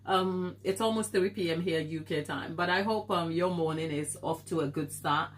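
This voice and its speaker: A woman's voice: fairly low pitch, moderate pace, slight background noise. A woman with a stuffy nose hosting a live baking stream from her kitchen, chatting casually with viewers and laughing often. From Africa. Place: home kitchen.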